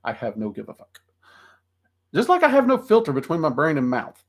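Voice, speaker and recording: A man's voice: fairly high pitch, huge pitch swings, brisk. Southern man chatting on a livestream. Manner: frank, rambling, with frequent ums and self-deprecating laughs. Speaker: host of occult livestream. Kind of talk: casual livestream chat reading viewer questions.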